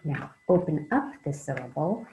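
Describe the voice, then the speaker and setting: A woman's voice: low-pitched, very animated, normal speed, warm tone, a little hiss or hum, low-quality recording. A woman teaching a reading lesson to children, patient and encouraging, with frequent "um" fillers.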